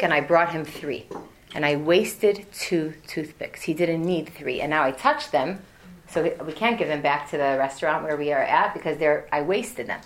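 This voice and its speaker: A woman's voice: low-pitched, unhurried, a little hiss or hum. A woman in her forties giving a religious lesson to an audience, telling humorous family stories with many asides. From United States. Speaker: women's class teacher.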